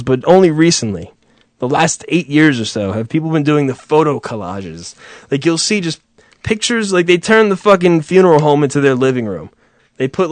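A man's voice: mid-range voice, no room sound. A man hosting a show, telling a rambling, profane story with frequent chuckles. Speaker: show host. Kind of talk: casual rambling monologue.

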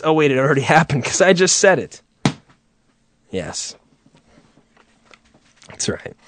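A man's voice: on the high side, very animated, measured pace, long pauses, fairly bright tone. A man hosting a crude, comedic live chat, profane and sardonic, laughing often.

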